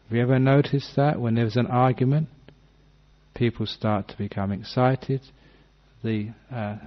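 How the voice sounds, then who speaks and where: A man, a Buddhist monk, giving a dhamma talk, reading a sutta aloud and then explaining it unhurriedly with gentle humour. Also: mid-range voice, fairly even intonation, measured pace. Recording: dull lo-fi talk recording.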